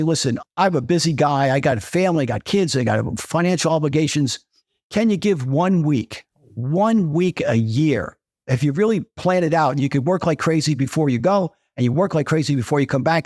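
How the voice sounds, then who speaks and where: A man's voice: a little high, darkish tone, no room sound, studio quality. An older man, a retired dentist and podcast guest, who tells stories with energy, repeats his key points and acts out what people said. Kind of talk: conversational interview storytelling.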